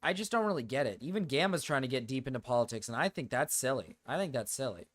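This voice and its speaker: A man's voice: mid-range voice, expressive, fast, a bit bright. A man hosting a livestream, chatting casually and reading chat questions, rambling and self-deprecating. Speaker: streamer host.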